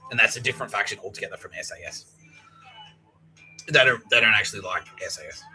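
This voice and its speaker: A man's voice: fairly low pitch, fast, sharp tone, soft background music, rough recording. A man with an Australian accent hosting a rambling, profane solo podcast monologue about conspiracies, often acting out other people's lines. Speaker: podcast host.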